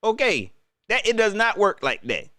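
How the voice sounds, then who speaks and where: Animated, incredulous man ranting. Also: sits high, moderate pace, no room sound, clean studio sound. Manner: incredulous, repetitive, joking. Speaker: sports commentator. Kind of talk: casual sports rant.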